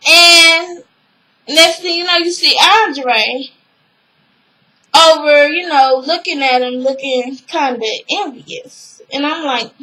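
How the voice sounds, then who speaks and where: A young woman casually recapping a TV episode, retelling scenes with animated quotes and swearing freely. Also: high-pitched, takes it slowly, rough recording.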